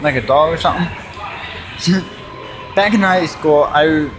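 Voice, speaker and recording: Jumping from joke to story and slipping into put-on voices, this young man performs a meandering comedy set as an amateur comedian. He speaks slowly at a fairly high pitch, and faint noise sits behind him.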